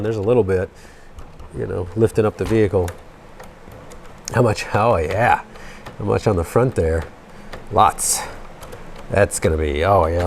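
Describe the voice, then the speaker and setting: Joking low-voiced man at a workbench. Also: a little mellow, a little hiss or hum. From Georgia, US. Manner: joking, self-deprecating, talks while tinkering. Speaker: RC hobby channel host. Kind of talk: casual workshop chat.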